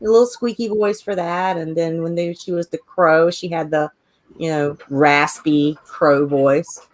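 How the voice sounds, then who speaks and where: A woman co-hosting a film podcast in casual chat, easygoing and quick to laugh. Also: sits low, steady tone.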